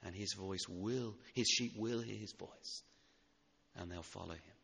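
A man preaching a sermon in church, swinging from loud emphatic lines to hushed, tender ones. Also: on the low side, measured pace, vocal fry, husky, long reverb tail. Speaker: pastor.

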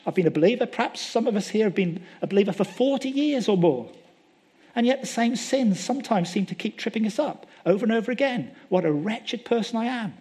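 A man's voice: high voice, animated, fairly quick, darkish tone, husky. A middle-aged man preaching a sermon in an earnest way, asking many rhetorical questions and often restarting his sentences.

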